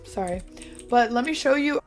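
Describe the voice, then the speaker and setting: A woman streamer chatting casually, burping loudly and often, apologizing, and swearing bluntly. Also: a little high, expressive, normal speed, soft background music. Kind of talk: casual live-stream chat.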